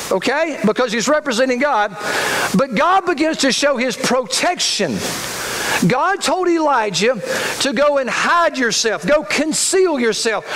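High-voiced preacher man, faint hiss. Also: fairly bright tone, long reverb tail, low-quality recording. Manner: emphatic preacher, repeats phrases, asks the congregation questions. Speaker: pastor. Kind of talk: sermon.

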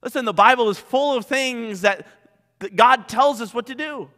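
A male pastor preaching a sermon, animated, with many rhetorical questions. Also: very high voice, normal speed, in a large hall.

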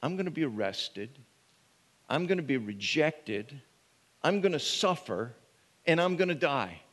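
A man voicing a calm, grave male teacher who speaks in a low, measured way. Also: exaggerated voice. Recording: long reverb of a hall.

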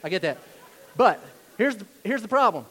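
A high-voiced male pastor with a drawl delivers a sermon. He leans hard on key phrases, then drops to quiet, confiding asides. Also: sing-song, moderate pace, husky, rough recording. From Asheville, North Carolina, USA. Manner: emphatic, swings between loud declarations and hushed asides.

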